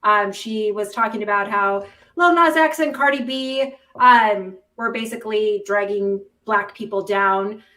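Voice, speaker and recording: A woman's voice: medium pitch, a little slow, hardly any pauses, bright, forceful tone, recorded from a distance. A woman hosting a live news stream, chatting sarcastically with many fillers. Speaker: host. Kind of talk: casual news commentary. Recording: echoey room, off mic.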